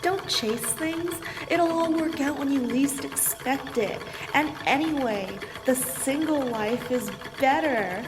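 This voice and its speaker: A man voicing a breezy woman who hands out cheerful, dismissive dating advice in a slow, chirpy way. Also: very high-pitched, voice pushed up. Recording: live hall reverb with room noise.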